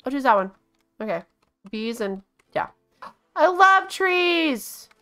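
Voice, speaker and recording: A woman hosting a casual game video, gushing and excitable, often gasping and laughing as she talks. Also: high voice, slow pace, soft background music. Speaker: gaming channel host.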